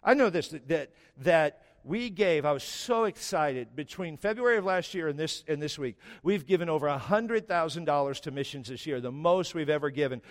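A man's voice: fairly high pitch, normal speed, hardly any pauses. A middle-aged male pastor preaching a sermon in a church, telling stories with rising emphasis. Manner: animated storytelling with rising emphasis. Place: church sanctuary. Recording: long church reverb.

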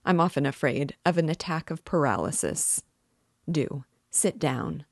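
A woman's voice: low-pitched, big pitch swings, measured pace, no echo, clean studio sound, exaggerated voice. Woman reading as a sly jovial police investigator. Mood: fussy. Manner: fussy, cajoling, laughing.

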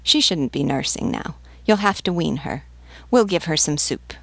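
A sturdy army canteen-keeper, brisk and soldierly with an undertone of kindness, as a woman reads her. The voice is low and gravelly, recorded dry and close. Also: animated, no echo, exaggerated voice. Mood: kindly. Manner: brisk yet gentle.

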